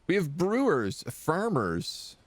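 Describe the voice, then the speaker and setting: A man's voice: a little high, huge pitch swings, takes it slowly, dry recording. A man streaming a video game, chatting casually and reading the game's text aloud.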